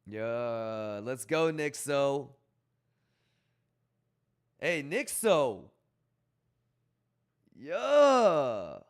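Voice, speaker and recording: A young man live-streaming in a loose, rambling way, chatting casually and shouting out viewers by name. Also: medium pitch, big pitch swings, extremely slow, long pauses, smooth. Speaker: livestreamer.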